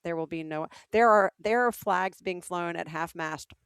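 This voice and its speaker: A middle-aged woman from the American South co-hosts a podcast in relaxed chat. Her voice has a touch of fry, and the close mic leaves it dry. She tells stories with relish, putting on the voices of the people she quotes. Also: on the low side, normal speed, no room sound. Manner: animated storyteller, acts out quoted voices. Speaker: podcast co-host. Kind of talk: casual chat.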